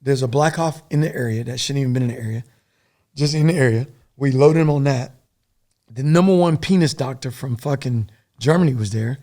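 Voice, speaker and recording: Speaking briskly in a medium-pitched voice, a middle-aged man who used to be a soldier recounts a war story as a podcast guest. His telling is animated, rambling, and full of profanity.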